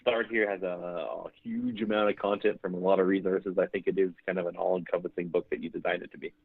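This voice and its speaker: A deep, husky-voiced man, calling in as a guest accountant. He is hesitant and matter-of-fact and often repeats himself. He comes through a tinny phone line. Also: level tone, quick pace, no room sound. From Canada. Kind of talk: guest on a podcast call.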